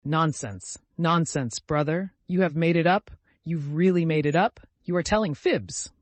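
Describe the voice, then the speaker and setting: A man voicing an excitable, sentimental young man who exclaims loudly, in an audiobook reading. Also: a little high, normal speed, no room sound, pitched above the performer's own voice. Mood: excited.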